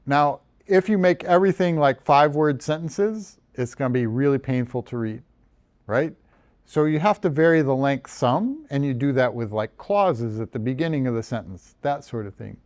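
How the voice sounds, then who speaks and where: American guy giving a relaxed slide lecture on writing, lots of ums, a bit self-deprecating. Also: medium pitch, normal speed. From United States. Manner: conversational, self-deprecating, many ums and restarts. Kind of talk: recorded lecture over slides.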